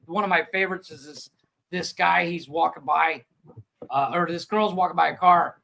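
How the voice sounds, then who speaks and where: Man, podcast co-host, high voice, gravelly fry, rambling and laughing. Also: fairly even intonation, normal speed, pushed and bright, poor audio. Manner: rambling, laughs through his stories, swears. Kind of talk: casual comedic chat.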